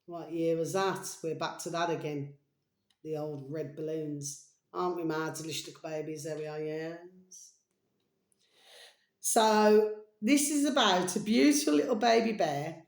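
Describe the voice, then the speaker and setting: Her voice sits low and echoes with reverb as she hosts a rambling, chatty vlog. Calling her viewers "babies," the woman drifts between topics, warm and affectionate, now and then humming or singing fragments.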